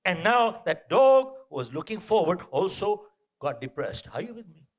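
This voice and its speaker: A man giving a live motivational talk to an audience, animated and punchy, repeating short phrases and throwing out rhetorical questions. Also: high voice, normal speed. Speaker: motivational speaker. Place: indoor event venue.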